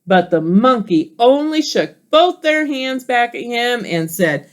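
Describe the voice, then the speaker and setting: A woman teacher reading a picture book aloud to children, expressive and asking listeners questions. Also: mid-range voice, measured pace, few pauses.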